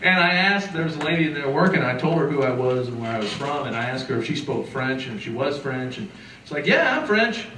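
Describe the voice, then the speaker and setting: A middle-aged man from southeastern Illinois telling a story to a live audience, acting out the quotes in a lively, folksy way. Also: medium pitch, fast talker, a little hiss or hum. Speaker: musician and folklorist. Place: lecture hall. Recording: echoey hall recorded from far off.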